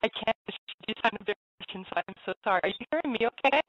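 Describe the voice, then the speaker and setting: A woman's voice: fairly high pitch, racing, dry recording. A woman hosting an internet radio show, chatty and apologetic, laughing easily as she talks. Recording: dull lo-fi audio, dry.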